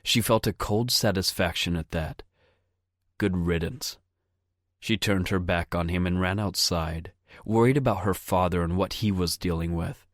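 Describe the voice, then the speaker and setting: Audiobook narrator: low, unhurried, measured man, dry studio read. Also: no room sound. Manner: steady, measured reading. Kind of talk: scripted narration.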